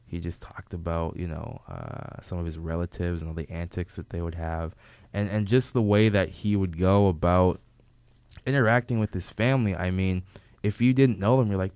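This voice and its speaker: A man's voice: low-pitched, moderate pace, a little mellow, clean tone, dry recording. A man telling rambling, casual stories about a late friend in a recording studio. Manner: rambling, with restarts. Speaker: friend giving a tribute. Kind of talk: casual storytelling.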